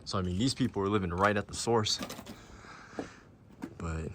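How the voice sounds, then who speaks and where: A man's voice: on the low side, moderate pace, low-quality recording. A young man narrating a casual travel vlog to the camera in a chatty, upbeat way. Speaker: vlogger. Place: outdoors, windy desert trails and lookouts. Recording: loud wind noise on camera mic.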